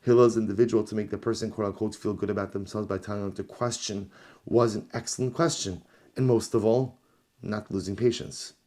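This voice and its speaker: A low-pitched man leads a Talmud class as a rabbi. He reads each passage in the original, then retells it in English with animated storytelling. He often says a line twice for emphasis. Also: a little fast. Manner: reads Aramaic text aloud, then explains it in English.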